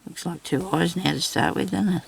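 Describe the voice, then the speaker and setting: Gravelly, husky woman vlogger. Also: fairly low pitch, steady tone, brisk. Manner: chatty, rambling, talks directly to viewers. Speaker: craft vlogger. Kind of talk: casual crafting demonstration.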